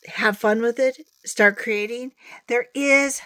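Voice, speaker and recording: Speaking slowly in a fairly high, bright voice with a steady tone, a woman teaches puppetry in a video lesson, playful and chatty while showing moves with a puppet.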